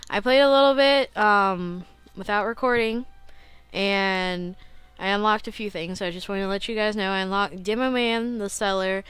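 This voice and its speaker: Chatty woman with a smooth, clear voice. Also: medium pitch, normal speed, dry recording. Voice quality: frequent throat clearing. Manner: chatty and self-critical, breaks into excited outbursts. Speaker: gaming channel host. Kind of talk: casual let's play commentary.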